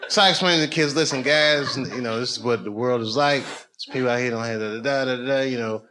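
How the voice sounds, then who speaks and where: A middle-aged man doing stand-up storytelling on stage, loose and conversational, building to loud excited bursts. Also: medium pitch, quick pace. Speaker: stand-up comedian. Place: comedy stage with live audience. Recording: noisy live show recording. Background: audience laughter.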